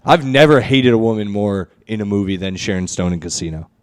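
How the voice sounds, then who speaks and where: Animated crude-talking man, lively pitch. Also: fairly quick. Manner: animated, crude, mock-outraged rants. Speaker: podcast host. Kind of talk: casual podcast banter.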